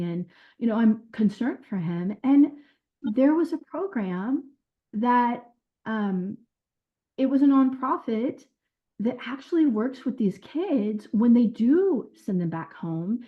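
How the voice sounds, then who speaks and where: A woman's voice: on the high side, slow pace. Earnest woman recounting casework, lo-fi. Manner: earnest, animated storytelling with quoted dialogue. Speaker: former caseworker. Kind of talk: recounting stories in an interview. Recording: dull lo-fi sound.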